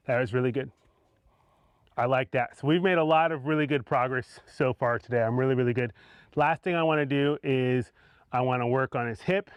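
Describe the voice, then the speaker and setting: Horse trainer, male, higher-pitched voice, calm coaxing delivery, dry close sound. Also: no room sound. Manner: calm, coaxing, explains while working. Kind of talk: instructional demonstration.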